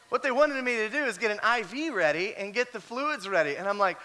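A man's voice: high-pitched, fast, few pauses. A man preaching a sermon, telling personal stories with animation and often doubling his words as he goes. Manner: animated storyteller who often repeats words. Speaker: pastor.

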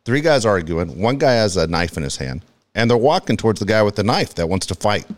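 A man co-hosting a podcast, talking in gruff, profane, dismissive banter. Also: fairly low pitch, very animated, brisk. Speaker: podcast co-host. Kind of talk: casual banter.

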